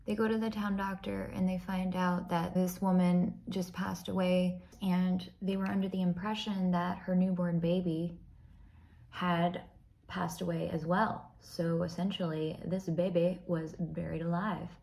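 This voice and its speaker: A woman's voice: on the low side, flat delivery, unhurried, vocal fry, dark tone. A young woman casually telling a ghost story while doing her makeup, often dropping to a whisper. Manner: chatty, often drops to a whisper.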